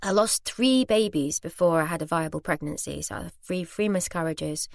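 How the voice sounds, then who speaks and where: A woman's voice: lowish voice, normal speed, vocal fry, dry recording, studio quality. Chatty British woman telling a story. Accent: British English. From Britain. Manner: chatty, self-deprecating, candid. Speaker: podcast host. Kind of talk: personal storytelling monologue.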